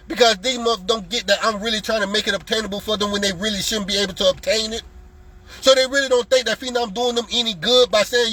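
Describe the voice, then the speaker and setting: A man's voice: sits high, fast talker, sharp tone, poor audio. A man selling lottery strategies, ranting in a heated, profane way and mockingly mimicking his customers. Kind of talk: heated live-stream rant.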